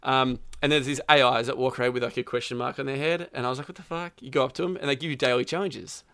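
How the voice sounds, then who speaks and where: A man's voice: medium pitch, steady tone, rapid-fire, gravelly, fairly bright tone, no echo. Profane rambling man, dry sound. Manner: rambling, profane, full of fillers. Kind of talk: casual chat about a video game.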